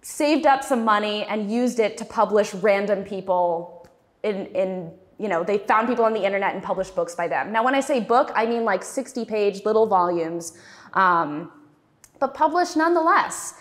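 A woman's voice: mid-range voice, moderate pace. Woman, 20s, speaker at a festival talk; casual, self-deprecating, lots of ums. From Texas. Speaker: cartoonist guest speaker. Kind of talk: festival talk, personal storytelling.

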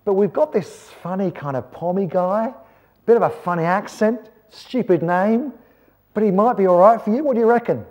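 A man's voice: high-pitched, moderate pace, a little mellow, lo-fi sound, voice pushed up, natural voice. An Englishman voicing a blunt, breezy male Australian church office clerk with a put-on Australian accent.

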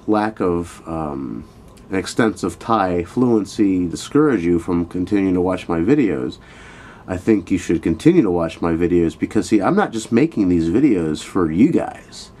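Deep-voiced man rambling through a lesson. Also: a little mellow. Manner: rambling, filler-heavy and chatty; speaks directly to viewers. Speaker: online Thai language teacher. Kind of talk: casual video lesson.

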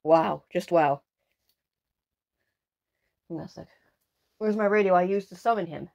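A woman hosting a casual paranormal challenge vlog, excitable and dramatic, swearing freely as she talks to the camera. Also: lowish voice, a little slow, creaky, pauses often. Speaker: video host.

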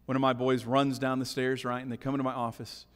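A middle-aged man preaching a sermon as a pastor, moving between hushed, intimate lines and emphatic, raised declarations, often checking in with the congregation. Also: medium pitch, little pitch movement, fast, clear, resonant tone. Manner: swings between hushed asides and emphatic raised lines, keeps asking "right?". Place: church sanctuary. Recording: long church reverb.

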